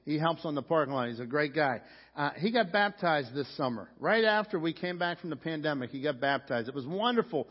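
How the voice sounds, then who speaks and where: A man's voice: on the high side, animated, brisk. A male pastor preaching a sermon in a church, talking in a loose conversational way and restarting his sentences often. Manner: conversational, repeats words when starting sentences. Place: church sanctuary. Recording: dull sound, long reverb of a church hall.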